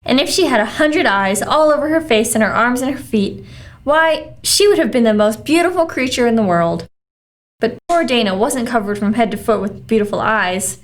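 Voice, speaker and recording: Woman reader, bright and animated, children's book read-aloud. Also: a little high, normal speed. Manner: expressive storytelling.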